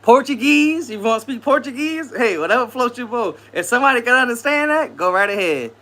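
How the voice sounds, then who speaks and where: Chill guy w/ on a live stream, bright voice, pitch all over the place, laughing with chat. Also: lively intonation, fairly quick. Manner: laid-back slangy banter, laughs often.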